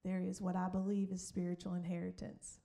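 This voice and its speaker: A woman's voice: fairly low pitch, monotone, a little fast, creaky, mellow. A woman pastor preaching in a storytelling way. She laughs often and acts out other people's voices. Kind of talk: sermon storytelling.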